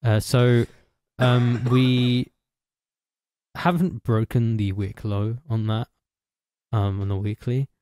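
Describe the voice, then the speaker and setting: A man co-hosting a podcast, explaining things in a hesitant, halting way in casual chat. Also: mid-range voice, steady tone, darkish tone, a little hiss or hum. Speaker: podcast co-host.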